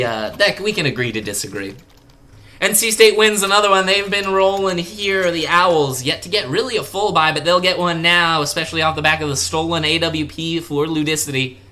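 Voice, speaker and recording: Bright, excitable young male esports caster. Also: on the high side, slight background noise. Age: young adult. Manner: excitable, jokey, bursts of sudden excitement. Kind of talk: live play-by-play commentary.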